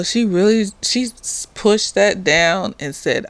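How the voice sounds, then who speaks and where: A slightly tipsy woman talks through a TV episode in a loose, rambling recap. She swears freely and talks in a relaxed, offhand way. She sounds like a therapist chatting at home rather than giving a formal review. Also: medium pitch, unhurried, hardly any pauses, no room sound. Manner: rambling, profane, laughs often.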